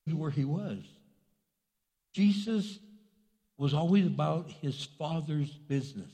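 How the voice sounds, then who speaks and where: A male pastor delivers a conversational, animated sermon, switching into little voices for the people in his stories. His voice sits fairly high for a man. A long hall reverb trails each phrase. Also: slow. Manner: conversational, animated, acts out quotes.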